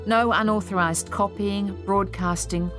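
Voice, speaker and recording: A woman reading an audiobook in a measured, even storytelling delivery. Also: medium pitch, music in the background. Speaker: audiobook narrator. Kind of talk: scripted audiobook narration.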